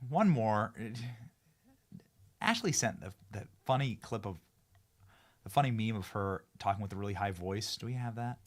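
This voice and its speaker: A man hosting a political commentary show, animated and mocking, swinging between shouting and muttering. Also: lowish voice, normal speed. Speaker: show host.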